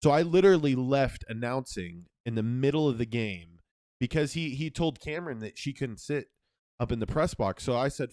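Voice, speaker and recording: A young man co-hosting a casual podcast, telling a story in a profane, animated way. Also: mid-range voice, moderate pace, no echo, clean studio sound. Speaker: podcast co-host.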